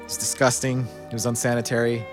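A young man co-hosting a casual podcast, telling an absurd story with deadpan, mock-dramatic pauses. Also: mid-range voice, over music. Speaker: podcast co-host.

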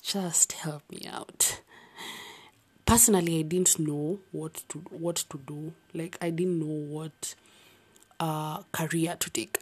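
A young woman with an accent, rambling about her life late at night in a soft, often half-whispered voice with sighs and restarts. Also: low voice, husky. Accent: unnamed non-native-sounding accent. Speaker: vlogger.

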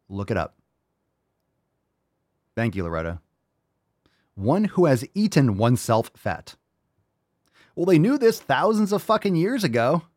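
A man with a medium-pitched voice, recorded dry and clean in a studio, hosts an informal livestream podcast. He's animated as he reads viewer comments, tossing off crude, sarcastic jokes and swearing heavily.

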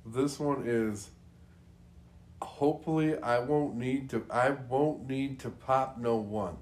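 A man's voice: mid-range voice, slow pace, darkish tone. A man co-hosting a podcast in casual chat, dry and teasing as he introduces songs. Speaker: podcast co-host. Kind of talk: casual music reaction chat.

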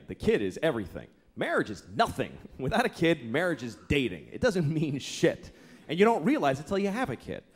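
A man in his thirties doing a stand-up routine, profane and exasperated, dropping into mock voices. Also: medium pitch. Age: 30s. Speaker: stand-up comedian. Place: comedy club stage. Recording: live club recording with loud crowd and room noise. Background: audience laughter.

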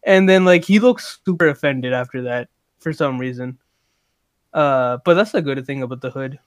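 A young man telling a work story on a podcast, animated, laughing mid-sentence and swearing freely. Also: mid-range voice, moderate pace, clear, resonant tone, dry recording, clean studio sound. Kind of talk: casual chat.

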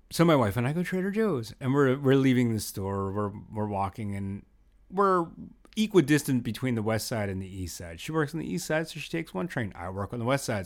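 A man hosting a podcast, telling a long personal story in a casual, rambling way with lots of fillers and restarts. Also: mid-range voice. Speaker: podcast host.

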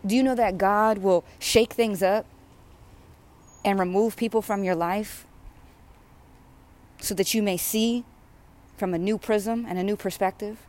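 A woman's voice: mid-range voice, fairly even intonation, a little slow, pauses often, a little mellow. Fervent woman preaching a prayer. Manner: repetitive, rhythmic, fervent preaching. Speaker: spiritual speaker. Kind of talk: impassioned prayer sermon.

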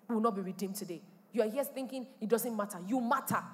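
A woman pastor, preaching a sermon with animated delivery and sudden loud exclamations. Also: fairly high pitch, quick pace, in a large hall. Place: church hall.

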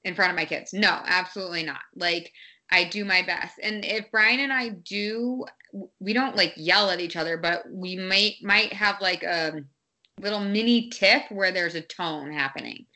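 A woman in her thirties speaks in a casual podcast chat about raising her kids. Her voice is bright and a little forceful, and she talks candidly, restarting phrases and filling gaps with "um" and "like." She sounds relaxed and open. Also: fairly low pitch, normal speed. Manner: chatty, candid, many fillers and restarts. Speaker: guest, parent.

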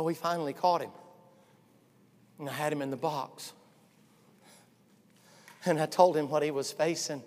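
An older man preaching a sermon, dropping to hushed asides and then rising to fervent shouts. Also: a little high. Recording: long reverb of a large hall.

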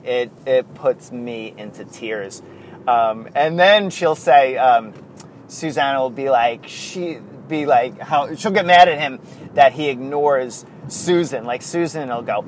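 A man's voice: a little high, slight background noise. A man hosting a podcast in casual chat, rambling and going off on tangents. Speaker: podcast host.

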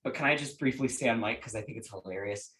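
A man co-hosting a casual podcast, his voice bright and forward. He rambles through stories with lots of fillers and laughs. The sound carries a roomy echo. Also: medium pitch, fast. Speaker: podcast co-host. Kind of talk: casual chat about movies.

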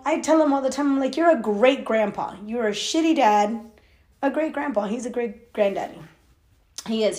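Woman, 30s, vlogger; confiding personal talk, laughs between thoughts, voice a bit high. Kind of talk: candid personal talk to camera.

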